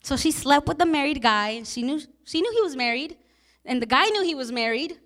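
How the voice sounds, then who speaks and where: A woman pastor preaching a sermon with passion, repeating lines and asking the listeners questions, at times turning soft and emotional. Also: high-pitched, lively intonation, fairly quick.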